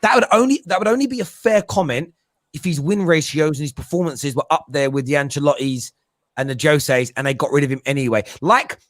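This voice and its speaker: A man chatting casually as a football podcast pundit, animated and joking, slipping into mimicking voices. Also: a little high, brisk, no echo.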